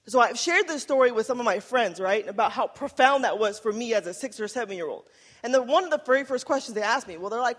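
A woman's voice: fairly high pitch, expressive, moderate pace. A woman from Los Angeles giving an emotional, conversational sermon, often asking "right?". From Los Angeles, USA. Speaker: speaker. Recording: hall reverb.

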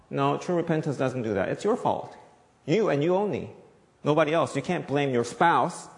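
Man, pastor, emphatic sermon, repeats points, asks questions, mid-pitched voice, long reverb. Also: big pitch swings, unhurried, vocal fry, long pauses.

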